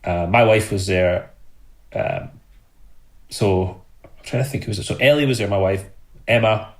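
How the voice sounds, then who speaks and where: Gravelly Scottish man telling a story. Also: on the low side, normal speed. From Scotland. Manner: animated anecdote-telling with laughs. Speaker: guest. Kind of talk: storytelling in a podcast interview.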